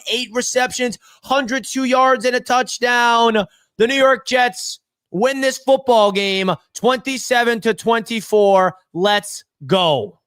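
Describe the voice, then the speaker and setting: A man hosting a live fan watch party, calling the plays and shouting with excitement over big moments. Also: very high voice, smooth, no room sound, clean studio sound. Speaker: fan channel host. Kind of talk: live play-by-play fan reaction.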